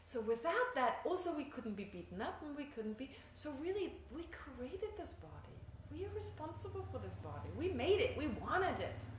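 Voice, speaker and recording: In an echoey room with faint background ambience and a slight hiss or hum, a woman teaches Buddhism in a casual dharma talk. Her voice is high; she's talkative, laughs a lot, and teases herself along the way.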